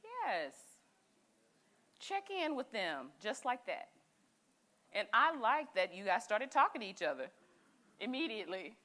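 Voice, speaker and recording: A woman leading a church group session, speaking in an animated, encouraging and direct way. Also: fairly high pitch, unhurried, long pauses. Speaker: session leader. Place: church meeting room.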